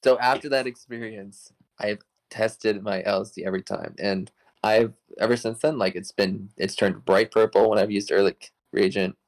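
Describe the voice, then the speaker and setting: Rambly low-voiced young man. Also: steady tone, normal speed, poor audio. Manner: rambling, heavy on "like" fillers, swears; laughs while telling. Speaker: guest telling his story. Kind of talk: casual storytelling.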